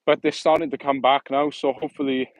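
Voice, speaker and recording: A man's voice: mid-range voice, level tone, brisk, dry recording, poor audio. A young man chatting casually on a live stream, joking and answering viewer comments while walking outdoors.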